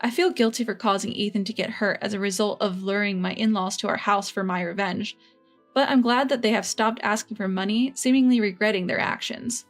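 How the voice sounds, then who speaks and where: A woman narrating her own family revenge story in the first person, matter-of-fact and quietly smug. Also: mid-range voice, a little fast, faint music behind.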